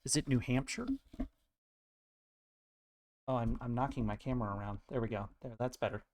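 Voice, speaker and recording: A man streamer in casual chat, trading wry jokes and dry banter with many halting restarts. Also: medium pitch, steady tone, darkish tone, a little hiss or hum.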